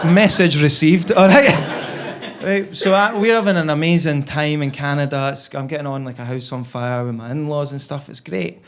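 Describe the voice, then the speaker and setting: A Scottish comedian spins a long stand-up story in a slightly raised voice. He talks in a loose, chatty way and keeps checking in with a quick "right?". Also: on the high side, fairly even intonation, background noise.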